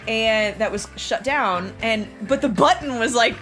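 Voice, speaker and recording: A young adult woman hosting a podcast, telling a story in casual chat, animated, laughing and swearing as she acts out quotes. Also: fairly high pitch, unhurried, faint music behind. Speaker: podcast host.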